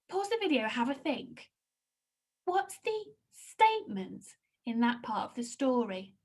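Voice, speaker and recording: A woman's voice: fairly high pitch, sing-song, a little slow. A woman primary school teacher giving a recorded online lesson, encouraging and sing-song as she reads and asks questions. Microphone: computer mic while screen-sharing.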